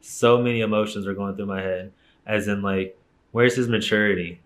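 A man's voice: fairly low pitch, steady tone, moderate pace. A young man telling a personal story straight to camera in a casual vlog, candid and emphatic, swearing freely. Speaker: YouTuber.

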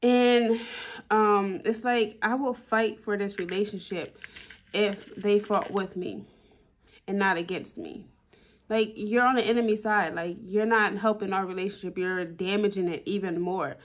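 A woman's voice: mid-range voice, steady tone, unhurried. A woman vlogging candidly about her relationship, emotional and blunt, swearing and repeating herself for emphasis. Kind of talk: personal vlog, talking to camera.

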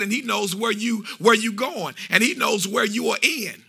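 A man preaching a fiery sermon in a church, half-singing and shouting his phrases and repeating call-and-response refrains. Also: sits high, unhurried, vocal fry, breathy edge. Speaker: pastor. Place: church sanctuary.

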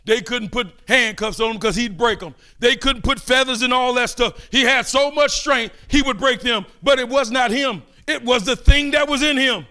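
An older man preaching a fervent sermon, calling out and pleading with his listeners between quieter asides. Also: extremely high pitch, normal speed, few pauses.

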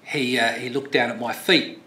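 A middle-aged man gives a speech in a reverberant hall, his voice sitting in the middle of the male pitch range. He tells his story loosely, with plenty of fillers and restarts, and turns rousing and emphatic as he drives his points home. A faint low rumble runs underneath. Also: steady tone, moderate pace, pushed and bright. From Australia. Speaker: speaker. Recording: echoey hall recording.

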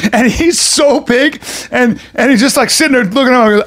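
A middle-aged man with a notably high voice spins a rowdy tale on a podcast. He talks loosely, swears freely and jumps into other people's voices as he goes. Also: moderate pace, few pauses. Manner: animated, profane, acts out other people's voices. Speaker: podcast co-host. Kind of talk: casual storytelling chat.

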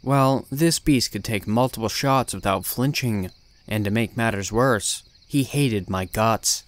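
A man's voice: lowish voice, measured pace. Blunt man narrating a horror story. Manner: blunt, swearing, tough-guy first-person telling.

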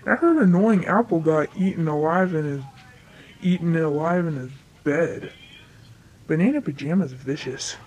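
A performer voicing a goofy, childish parody of a young male pop star, rambling in slow complaints about stolen dolls and prank calls. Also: medium pitch, darkish tone, a little hiss or hum, close to an everyday voice. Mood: mad. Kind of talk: silly homemade parody monologue.

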